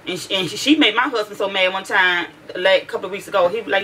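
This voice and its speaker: A woman's voice: mid-range voice, fast talker, pushed and bright, a little hiss or hum, low-quality recording. A mother telling a heated, profane story about her teenage daughter in a casual vlog, with lots of restarts.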